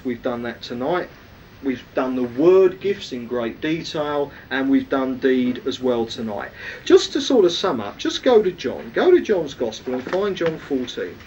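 A man's voice: medium pitch, sing-song, a little slow, darkish tone, recorded from a distance, a little hiss or hum, rough recording. A man preaching a sermon, teaching emphatically and often asking his listeners questions. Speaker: preacher teaching a weekly series.

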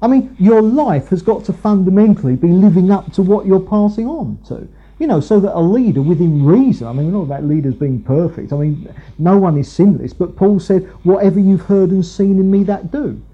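Man preaching, husky and very dark-toned, slightly high voice, dull lo-fi recording, rambling. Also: expressive, fairly quick. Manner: rambling, many fillers and restarts. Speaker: preacher, Bible teacher. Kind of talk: conversational sermon.

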